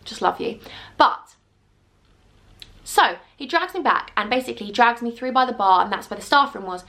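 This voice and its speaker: Brief: a woman in her twenties, chatty storytime vlogger, slightly high voice. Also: lively intonation, normal speed, long pauses, sharp tone. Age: 20s. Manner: chatty, rambling with many asides. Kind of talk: storytime vlog.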